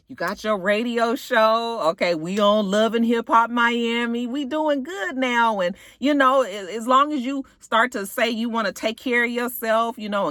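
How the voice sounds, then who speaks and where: A woman putting on a woman who gently coaxes a man, hesitant and persuasive. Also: on the high side, dry recording, studio quality. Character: coaxing woman sweet-talking a man.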